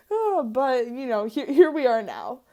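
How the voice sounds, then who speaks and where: Young woman, art student vlogger, somewhat high voice; rambling, excitable, quick to laugh, casual swearing. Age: young adult. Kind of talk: casual sketchbook tour vlog.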